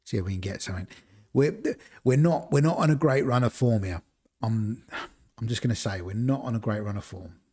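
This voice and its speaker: A man's voice: mid-range voice, fairly quick, darkish tone, slightly rough. A man casually commentating as he plays a football management game on a live stream, rambling and chatting to viewers between decisions. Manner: rambling, chatty, talks to chat between choices.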